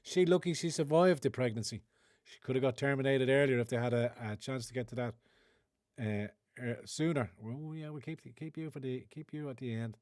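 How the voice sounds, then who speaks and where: An Irish man hosts a livestream, his commentary a rambling rant full of sarcasm and curses. His voice sits at an everyday middle pitch, recorded close and dry with no room sound. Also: fairly quick, a little mellow, no room sound. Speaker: livestream host.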